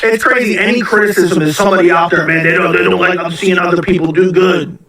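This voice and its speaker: A man's voice: high voice, steady tone, fast, gravelly, sharp tone. A man giving mocking, emphatic commentary in a casual podcast clip. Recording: echoey room, distant mic.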